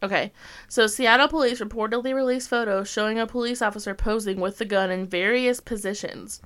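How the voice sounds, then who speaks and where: A woman co-hosting a podcast, chatting casually and animatedly, telling stories and putting on voices. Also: medium pitch. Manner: animated, laughing, storytelling with voices. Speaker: podcast co-host. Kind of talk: casual chat.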